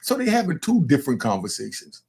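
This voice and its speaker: Talking fast with wildly swooping pitch, this true crime host sounds a little high, creaky, and slightly mellow, with a breathy edge. He's an older man and grandfather giving casual, streetwise commentary to camera, addressing his viewers bluntly and with plenty of animation.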